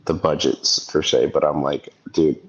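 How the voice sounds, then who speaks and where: A man in his thirties co-hosts a podcast, telling a story in casual chat and animatedly acting out the voices of the people in it. His voice is a rumbling low and husky, at a measured pace, and the sound is lo-fi.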